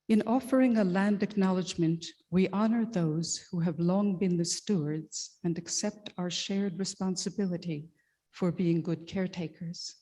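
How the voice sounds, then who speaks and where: A woman leading a church service, giving a formal welcome and land acknowledgement in a measured, solemn way. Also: on the low side, dark tone. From Canada. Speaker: worship arts facilitator.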